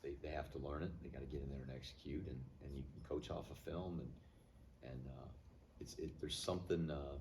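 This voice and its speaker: A middle-aged man, a head football coach, answering reporters after a game in a plainspoken, measured way, thinking aloud as he goes. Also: very deep voice, steady tone, background noise. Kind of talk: post-game media interview.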